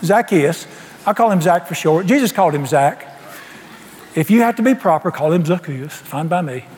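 A man preaching in a church, telling his story in a folksy way and acting out every exchange. His voice sits high and swings widely in pitch. The sound rings with the long reverb of a church hall. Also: normal speed, a little hiss or hum. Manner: folksy, animated storytelling, acts out dialogue. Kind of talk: storytelling sermon.

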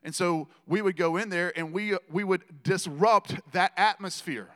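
A man preaching a conversational sermon, joking with the congregation between loud declarations and quiet asides. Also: high voice, measured pace, hardly any pauses, big-room sound. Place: church gathering.

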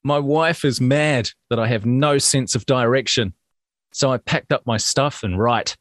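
A middle-aged New Zealand man co-hosts a podcast, swapping jokes in casual chat and laughing often. His medium-pitched voice is a bit bright and unhurried, recorded at studio quality with no room sound.

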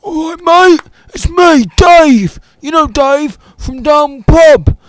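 A shrill, rowdy pub regular, squawking at a very high pitch. He drags his words out slowly and hollers over a faint hiss of background noise. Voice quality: very high, squeaky and shouty. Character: loud Dave, a man from the local pub.

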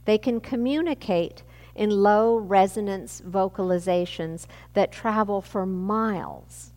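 A woman pastor giving a sermon with a measured, reflective delivery. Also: medium pitch, long reverb tail.

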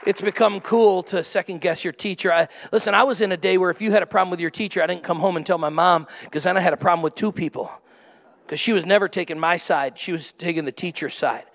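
Man, pastor, lively sermon storytelling, higher voice, long church-hall reverb. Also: fast talker, gravelly. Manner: animated storytelling with sudden excited peaks. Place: church auditorium.

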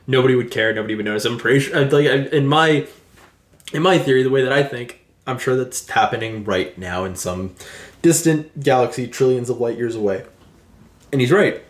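Male co-host, mid-pitched, an animated, thoughtful storyteller recorded in an echoey room. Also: brisk. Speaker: podcast co-host. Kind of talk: casual chat.

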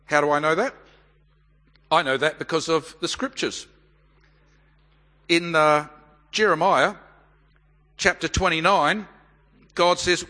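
A middle-aged Australian man preaching a sermon and telling a story, with measured, deliberate pauses. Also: a little high, bright, forceful tone. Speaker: pastor. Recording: long hall reverb.

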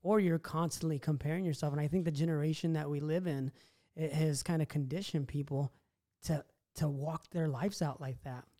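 A man with a fairly high but mellow voice chats as a podcast co-host. He speaks in a relaxed, conversational way. His tone stays easygoing and affirming. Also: normal speed. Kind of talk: faith podcast chat.

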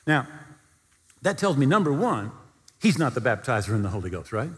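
A man preaching a storytelling sermon, animated and at times near-shouting. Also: medium pitch, a little fast, long pauses, slightly rough, big-room sound.

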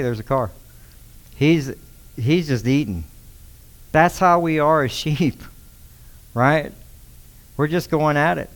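A man's voice: mid-range voice, clear, resonant tone. Pastor guy from texas teaching scripture, loose and chatty, lots of restarts and slang. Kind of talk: casual sermon teaching.

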